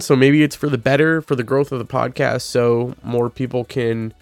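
A young man hosting his own podcast, speaking earnestly and getting emotional, with many fillers and pauses. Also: mid-range voice, flat delivery, no echo. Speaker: podcast host. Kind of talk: solo podcast monologue.

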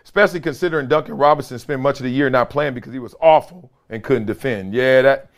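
A middle-aged man hosting a sports podcast, talking in a slangy, animated way and acting out his stories. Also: mid-range voice, quick pace. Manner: animated, slangy storyteller who acts things out. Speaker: podcast host, former football player. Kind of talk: casual sports commentary.

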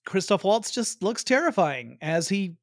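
A man co-hosting a casual chat show, relaxed and laughing as he talks, with a touch of hiccups. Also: high voice, a little slow, no room sound, clean studio sound. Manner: relaxed, chuckling, trailing off. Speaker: podcast co-host.

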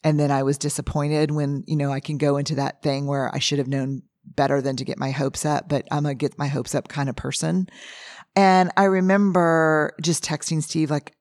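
Hoarse woman telling stories. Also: deep voice, normal speed, no room sound. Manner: animated storyteller who acts out quotes, with frequent restarts. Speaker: podcast host and researcher. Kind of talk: casual monologue answering listener questions.

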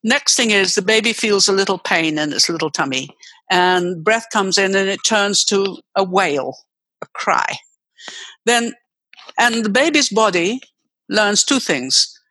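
An older woman voice teacher, explaining expressively as a guest, swooping her pitch to demonstrate. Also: lively intonation, measured pace, pushed and bright, no echo, low-quality recording. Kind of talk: explanatory interview talk.

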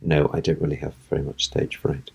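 A man's voice: extremely low pitch, brisk, creaky, breathy edge. A middle-aged man, an actor, telling a long theatrical anecdote and acting out the voices in it. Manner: animated, acts out voices in his anecdotes. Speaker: interview guest. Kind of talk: anecdotal storytelling.

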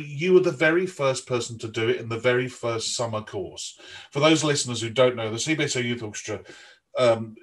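This man's voice sits in the mid range and has a slightly bright quality. As a podcast host doing a casual interview, he wanders from point to point and keeps starting over.

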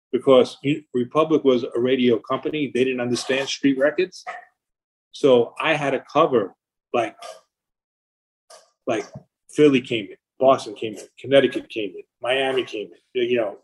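A middle-aged man with a husky, mid-pitched voice spins long stories about his career in a casual interview. He swears freely and keeps talking in an animated, rambling way. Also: poor audio. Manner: profane, animated anecdotes. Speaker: record label founder.

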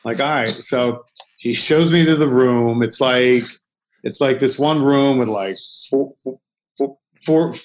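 A man's voice: medium pitch, a little slow, poor audio. A middle-aged man telling a story in a casual interview, restarting often and swearing freely. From Philadelphia, United States. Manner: rambling, many restarts, swears freely, acts out quotes. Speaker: chef and interview guest.

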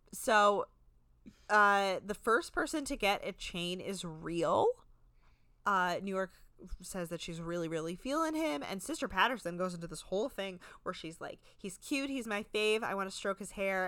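A woman's voice: mid-range voice, fairly bright tone, no room sound. A woman co-hosting a recap podcast, talking in a frank, crude, chatty way full of filler words. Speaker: podcast co-host recapping a reality show. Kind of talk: casual chat.

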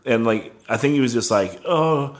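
A man's voice: mid-range voice, lively intonation, normal speed. A young man casually telling a rambling, profane tour story, full of "like" and laughs. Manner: rambling, heavy on "like", swearing, laughing.

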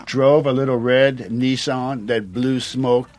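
A middle-aged man with a Cajun accent, talking casually about his restaurant. He tells his story in a loose, rambling way and often answers with quick, repeated yeses. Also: mid-range voice, steady tone, a little mellow. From Louisiana. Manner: storytelling, repeats short affirmations. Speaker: restaurant owner. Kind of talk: casual chat.

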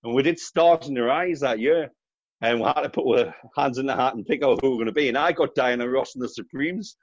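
A middle-aged Geordie man tells stories as an interview guest, cheerful and quick to laugh. His voice sits at an ordinary pitch. The sound is dry and a little dull. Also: no echo. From North East England. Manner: chatty storyteller, laughs often. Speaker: guest, charity fundraiser runner. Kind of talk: casual interview chat.

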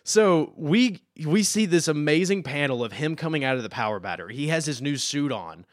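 A man's voice: fairly high pitch, fairly quick, no echo, clean studio sound. A man co-hosting a casual podcast, telling a comic book story with energy and acting out quotes. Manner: excited storytelling with quoted voices. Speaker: podcast co-host.

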